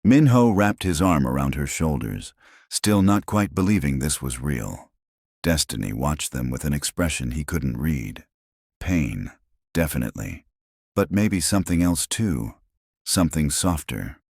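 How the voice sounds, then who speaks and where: A man with an extremely deep voice narrates a dramatic story in a steady, scripted style. His pitch moves in lively swings, and the sound is dry and close to the mic. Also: measured pace, creaky, husky, dry recording.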